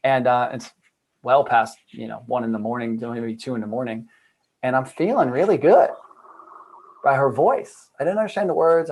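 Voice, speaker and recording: A man's voice: medium pitch, poor audio. Casual guy on a video call, tells his story with lots of "like", acts out everyone's lines. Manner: animated storyteller, acts out quoted voices, many "like" fillers. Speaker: guest, trauma and addiction coach. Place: home room at a computer.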